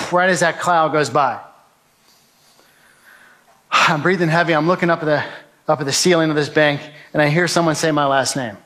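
A man with a somewhat high voice tells a gripping personal story to an audience. He speaks earnestly and acts out what he shouted at the time. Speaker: speaker telling his survival story. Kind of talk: testimony talk to an audience.

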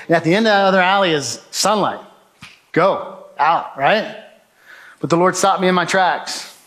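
A man with a somewhat high voice tells a gripping personal story to an audience. He speaks earnestly and acts out what he shouted at the time. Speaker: speaker telling his survival story. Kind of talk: testimony talk to an audience.

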